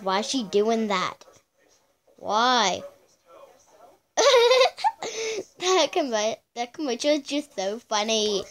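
A woman giving casual reaction commentary as a vlogger, chatty and exclaiming, often calling out to her viewers. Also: medium pitch. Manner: chatty, exclaiming, keeps addressing viewers as "you guys".

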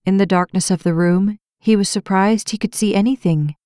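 A woman narrating a romance audiobook in an even, measured storytelling voice. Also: mid-range voice, no echo, clean studio sound. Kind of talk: scripted narration.

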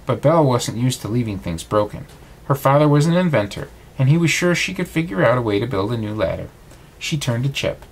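A man reading a bedtime storybook aloud, with expressive reading. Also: mid-range voice, a little fast.

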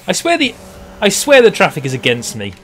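A young man giving let's play commentary, excitable, swearing at the game and laughing it off. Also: sits high. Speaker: gaming YouTuber.

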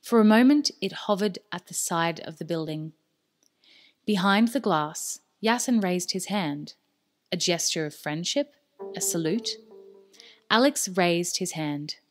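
Brief: woman reading a thriller audiobook, measured and steady. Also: fairly low pitch, faint music behind. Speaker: audiobook reader. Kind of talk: scripted narration.

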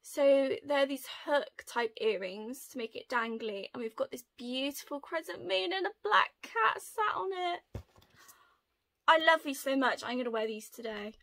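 A young woman chatting through an unboxing video, gushing and excitable, often gasping with delight. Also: sits high, unhurried, creaky. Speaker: unboxing vlogger. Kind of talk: casual unboxing chat.

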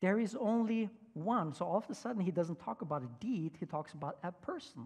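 A male pastor preaching a sermon in a relaxed, conversational way, full of fillers and restarts. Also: high voice, fast, gravelly, breathy edge. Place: church sanctuary. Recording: long church reverb.

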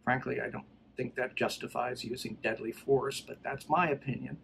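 Middle-aged male trainer, plain mid-pitched voice, emphatic casual delivery, faint hiss behind. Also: fairly even intonation, normal speed, creaky, fairly bright tone, low-quality recording. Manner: emphatic, conversational, retells scenarios with acted quotes. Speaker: firearms trainer. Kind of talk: casual instructional talk.

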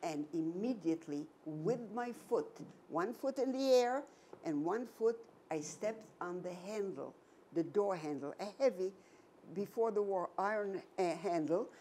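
A woman in her nineties giving a personal testimony to an audience, telling her story slowly and emphatically with many repetitions. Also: medium pitch, lively intonation, dark tone, slight background noise. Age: 90s. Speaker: Holocaust survivor giving a talk.

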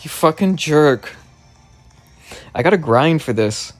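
A man giving excitable let's play commentary, stammering over his words and swearing often, with faint game music behind him. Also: mid-range voice, measured pace. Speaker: gaming video creator.

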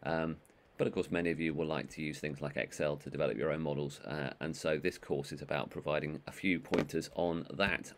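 A man giving an online training course, talking in a monotone with many ums and uhs. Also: rumbling low, a little fast, hardly any pauses, a little hiss or hum. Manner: monotone, calls his own voice that. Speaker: management trainer.

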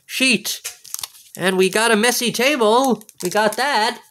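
A man's voice: sits high, takes it slowly, pushed and bright, a little hiss or hum. A man hosting a casual card-opening video, goofy and playful, full of exclamations and wordplay. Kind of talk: casual unboxing commentary.

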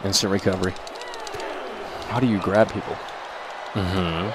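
A man streaming a wrestling video game, trash-talking the screen with lots of swearing, swinging from yelling to low muttering. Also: fairly even intonation, unhurried, a loud crowd, very noisy. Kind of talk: casual live-stream commentary.

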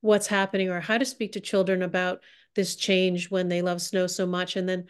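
A woman's voice: lowish voice, little pitch movement, normal speed, smooth. A woman moderating a webinar Q and A, friendly and full of fillers as she reads out questions. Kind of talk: hosting a Q and A.

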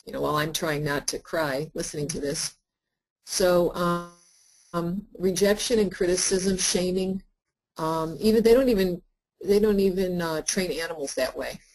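A woman therapist lecturing to practitioners in an earnest, conversational way, with frequent pauses and fillers. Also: lowish voice, rough recording. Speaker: therapist teaching a workshop.

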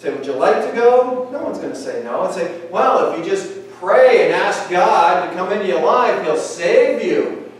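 A man preaching a sermon as pastor, talking in a conversational, animated way and acting out little dialogues. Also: high-pitched, normal speed. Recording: echoey hall, speaker far from mic.

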